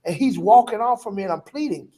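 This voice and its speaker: A middle-aged pastor telling a personal testimony in a vivid, animated way, in casual vernacular with repeated phrases. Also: male voice, high voice, fast talker. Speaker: pastor, guest.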